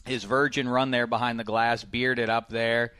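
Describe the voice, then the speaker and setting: A man's voice: mid-range voice, flat delivery, normal speed, smooth, no echo. Boisterous man hosting football talk. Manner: boisterous, jokey, swings loud. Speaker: podcast host. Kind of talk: casual sports talk. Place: studio.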